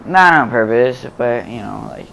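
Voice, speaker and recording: A man's voice: medium pitch, expressive, unhurried, gravelly, a bit bright, a little hiss or hum. Rambling man narrating game footage. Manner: rambling, full of fillers and restarts. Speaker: gameplay commentator. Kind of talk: casual voice-over commentary on gameplay footage.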